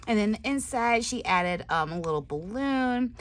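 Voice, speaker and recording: A woman hosting her crafting channel, chatting casually as she unboxes swap gifts, gushing with excited exclamations and soft whispered asides. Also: medium pitch, a little slow, few pauses.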